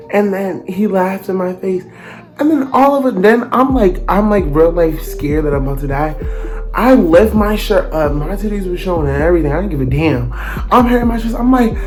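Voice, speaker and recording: A young man narrating a storytime vlog in an animated, dramatic, slangy way. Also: high-pitched, normal speed, faint music behind. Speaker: vlogger.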